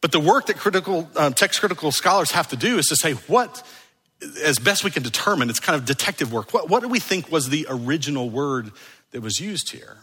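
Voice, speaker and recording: A man's voice: on the high side, lively intonation, a little fast, sharp tone, husky, big-room sound. A man preaching an earnest, conversational sermon that is full of rhetorical questions. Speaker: pastor.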